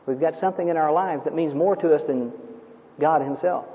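A man with a high voice preaches emphatically, telling stories and firing rhetorical questions at his listeners. The recording is thin and phone-like, and a long hall reverb hangs behind his words. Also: a little fast. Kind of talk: sermon.

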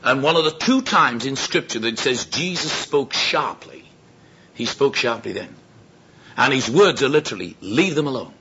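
A man's voice: medium pitch, quick pace. A man preaching a sermon, telling stories and acting out the voices of the people in them. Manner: lively, acts out quoted voices. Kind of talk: sermon with storytelling. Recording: dull lo-fi sound with faint noise.

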